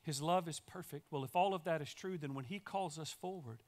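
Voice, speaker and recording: Emphatic pastor preaching, higher voice. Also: male voice, fairly quick, darkish tone. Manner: emphatic and repetitive, building to rallying calls. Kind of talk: sermon. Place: church sanctuary.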